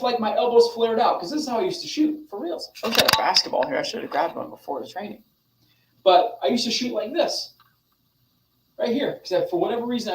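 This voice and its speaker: A young adult man coaching a group over a video call, animated and demonstrative, talking straight to his listeners. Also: high voice, echoey room, far from the mic, low-quality recording. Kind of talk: motivational online session.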